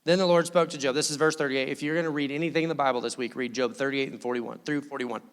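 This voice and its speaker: A male pastor preaching an animated sermon, acting out quoted voices as he goes. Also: mid-range voice, quick pace, smooth. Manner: animated, acts out quoted voices, laughs often. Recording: long reverb of a church hall.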